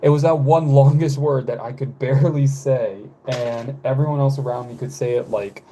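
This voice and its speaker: A man in his twenties, chatting casually on a live stream, rambling with frequent fillers and halting pauses. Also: medium pitch, fairly even intonation, warm tone, slight background noise. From United States. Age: 20s.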